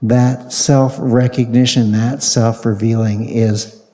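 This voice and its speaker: A panel speaker in a large hall leads a live audience through a guided exercise, coaxing and playful as he repeats short commands. His medium-pitched voice is warm and steady, and he takes it slowly. The hall's long reverb carries through the recording.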